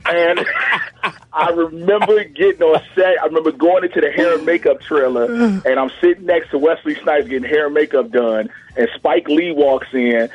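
A man, an actor and pro wrestler, guesting on a radio talk show and telling a lively story with excited acted-out quotes. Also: moderate pace, husky, dull audio. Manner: animated storyteller, acts out quotes in high excited voices. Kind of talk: casual radio interview storytelling.

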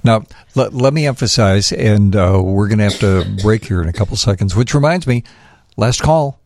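A man's voice: fairly low pitch, moderate pace. A man co-hosting a radio show in casual chat, prompting his partner and reading out the call-in line. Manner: relaxed, prompting co-host, gives station plugs. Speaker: radio co-host.

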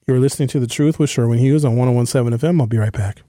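A man's voice: mid-range voice, rapid-fire, hardly any pauses, mellow, no echo, clean studio sound. A man hosting a call-in radio show who lectures his listeners directly in casual slang. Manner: preachy, talks straight to listeners, casual slang. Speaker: radio talk show host. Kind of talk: opinionated call-in radio monologue. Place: radio studio.

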